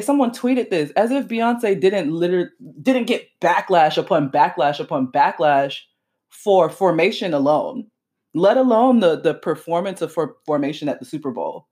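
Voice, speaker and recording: A casual commentator reads a post aloud and keeps stopping to mock it. The delivery is sarcastic, with frequent laughter and quick interruptions to the reading. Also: mid-range voice, a little mellow. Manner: sarcastic, laughs often, breaks in with quick asides. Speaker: pop culture commentator.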